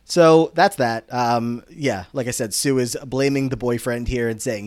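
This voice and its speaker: Recapping a TV episode on a casual podcast he co-hosts, this man offers lively commentary and quickly voices characters' lines in exaggerated tones. His voice sits in the mid range, with a measured pace and hardly any pauses.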